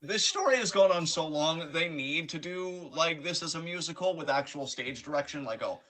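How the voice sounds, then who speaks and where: A man co-hosting a casual podcast chat over a call, lively and slipping into character voices as he talks. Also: fairly high pitch, normal speed, poor audio. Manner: animated, acts out quotes in character voices. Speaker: podcast co-host. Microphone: remote call mic.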